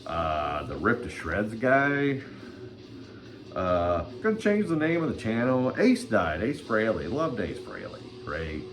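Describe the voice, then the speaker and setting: Older male vlog host, crude rambling ranter, big swooping pitch, faint music underneath. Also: wildly swooping pitch, slow. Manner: crude, rambling, swears constantly. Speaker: channel host. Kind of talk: rambling profane vlog rant.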